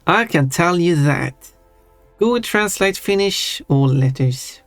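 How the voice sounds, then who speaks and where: A man's voice: fairly high pitch, animated, slow, dry recording, soft background music. A man streaming and chatting casually with his viewers, teasing them playfully. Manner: playful, teasing, laughs between words.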